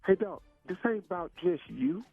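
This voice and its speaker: Radio host phoning in, gravelly voice, dull lo-fi line with music under. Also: male voice, high voice, animated, normal speed. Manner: emphatic, exasperated with his nephew. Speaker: show host calling in from abroad.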